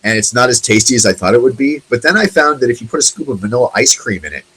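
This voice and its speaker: A man's voice: on the low side, fairly bright tone, husky, rough recording. A man in his forties hosting a casual solo talk show, rambling and chatty with lots of fillers. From United States. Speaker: host.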